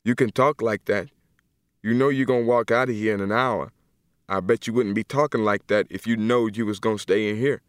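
A man's voice: fairly low pitch, steady tone, brisk, smooth, dry recording, studio quality, natural voice. A man reading a bitter, taunting young prisoner. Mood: sullen. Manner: taunting, clipped rural dialect. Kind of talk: audiobook dialogue reading.

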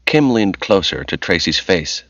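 A man giving steady, measured scripted narration of a novel, in a dull, lo-fi audiobook recording. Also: low-pitched, no echo.

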